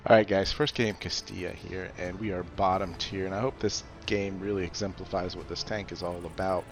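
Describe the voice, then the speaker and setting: A man giving a relaxed, chatty game review with lots of fillers and little chuckles. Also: sits low, a little fast. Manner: chatty, loose, many fillers, chuckles often. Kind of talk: casual gameplay commentary.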